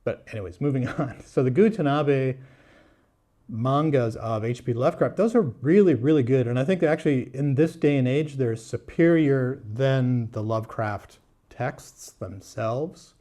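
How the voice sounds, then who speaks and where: A man's voice: mid-range voice, a little slow, dark tone. A man talking casually to camera as a book vlogger, candid and blunt, with frequent fillers, restarts and wry laughs. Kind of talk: casual book review talk.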